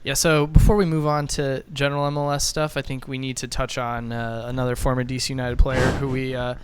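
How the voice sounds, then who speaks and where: A man's voice: medium pitch, flat delivery, a little fast, smooth. A man co-hosting a soccer podcast, hesitant with many fillers. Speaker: podcast co-host. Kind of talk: casual podcast chat.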